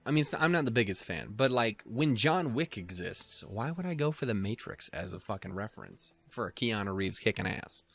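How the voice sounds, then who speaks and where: A man's voice: on the low side, animated, fairly quick, vocal fry, hardly any pauses, fairly bright tone, soft background music. A young man hosting a let's play, swearing and joking as he reads the game text aloud. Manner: crude, joking, swears a lot. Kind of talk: casual game commentary.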